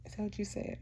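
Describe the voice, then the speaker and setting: In a heartfelt to-camera vlog, a woman preaches motivation with animated energy, often breaking into laughter and calling her listener "child" and "baby." Her husky voice sits on the high side.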